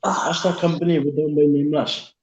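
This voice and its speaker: A man's voice: a little high, little pitch movement, brisk, a little mellow, dull audio. A man with a northern English accent, chatting and telling stories in casual, sweary banter. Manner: laughing, storytelling banter. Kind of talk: casual chat.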